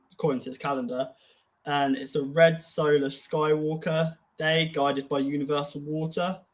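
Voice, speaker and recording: A man's voice: fairly high pitch, poor audio. A man co-hosting a casual podcast chat, musing aloud in an easygoing way with many fillers. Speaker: podcast co-host.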